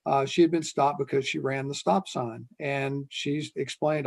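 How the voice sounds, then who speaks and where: An older man, a retired police chief, telling a story in an earnest, unhurried way as an interview guest. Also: mid-range voice, fairly even intonation, creaky, darkish tone.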